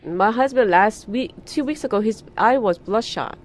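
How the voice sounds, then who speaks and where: A woman's voice: fairly high pitch, moderate pace, a little hiss or hum. Frustrated woman store owner. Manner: frustrated, plain-spoken. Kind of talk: interview.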